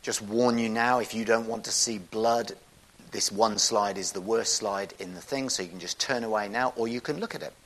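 A man's voice: fairly low pitch, normal speed, a bit bright, low-quality recording. A man giving a public talk with slides, speaking in a conversational, earnest way with frequent restarts.

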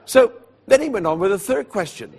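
A man preaching, telling a personal story in an animated way and voicing the people in it, then going hushed at solemn moments. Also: high voice, fairly quick, slightly rough, some chatter behind. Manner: animated storyteller who voices the people in his tale; drops to a hushed, quiet delivery at solemn moments. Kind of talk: storytelling sermon.

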